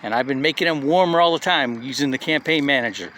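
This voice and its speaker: A man's voice: mid-range voice, quick pace, a bit bright, a little hiss or hum. A middle-aged man giving a casual motivational talk, telling personal stories in a loose conversational way and often checking in with "right?". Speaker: speaker at a community live session.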